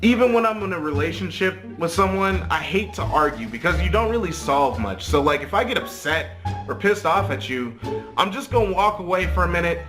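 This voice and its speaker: A high-voiced man telling a casual story to the camera. His talk rambles and swears, full of filler and checking tags, with faint music under it. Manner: profane, rambling, many "like" and "right?" tags. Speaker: vlogger.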